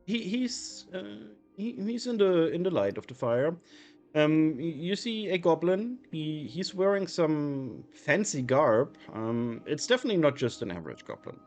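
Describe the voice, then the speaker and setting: A man narrating a tabletop game as game master, halting and repeating words often. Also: fairly high pitch, big pitch swings, a little mellow, soft background music.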